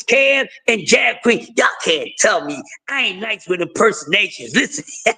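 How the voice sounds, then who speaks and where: A raspy-voiced man hosting a casual livestream, talking in a high register. He is loud and animated, shouting often as he riffs at his audience. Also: measured pace. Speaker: livestream host.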